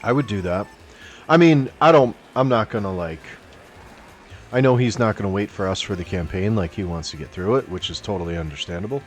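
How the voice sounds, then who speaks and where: A man hosting a gaming stream, chatting casually in a relaxed, self-deprecating way. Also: on the low side, fairly quick, soft background music. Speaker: streamer host.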